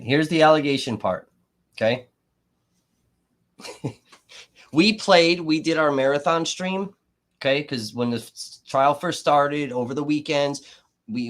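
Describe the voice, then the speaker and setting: A man hosting a livestream, reacting to trial footage with heated, profane commentary and getting worked up as he talks to his chat. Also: a little high. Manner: angry, swears constantly, gets worked up and loud.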